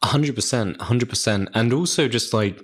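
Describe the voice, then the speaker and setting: A man's voice: mid-range voice, a little fast. A man co-hosting a podcast who gushes emotionally about favourite film scores, sighing as he talks. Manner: emotional, gushing, sighs. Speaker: podcast co-host. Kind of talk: casual podcast chat.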